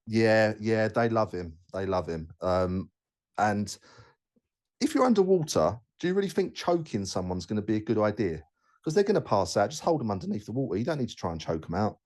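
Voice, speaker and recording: Low-voiced man, blunt and rambling. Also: huge pitch swings, a little fast, darkish tone. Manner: blunt, rambling, lots of restarts. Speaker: podcast host. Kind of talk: casual chat.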